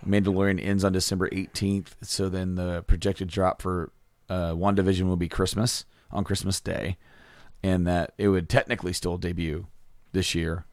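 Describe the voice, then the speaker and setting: A man's voice: deep voice, flat delivery, normal speed, dry recording. A man co-hosting a podcast in casual chat, retelling stories in a rambling, enthusiastic way with many fillers. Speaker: podcast co-host.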